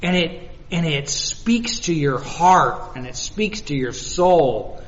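Guy preaching, kinda high voice, chatty with lots of restarts, big echoey hall, muffled sound. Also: animated, slow. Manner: conversational, with repeated restarts and acted-out dialogue. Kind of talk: sermon with personal stories.

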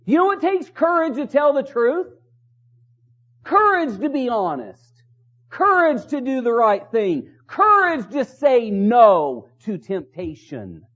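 In a chapel sermon, this preacher's high-sitting, fairly bright voice moves slowly with big pitch swings. He exhorts earnestly, driving each point home through repetition and rhetorical questions, though the recording is dull and lo-fi.

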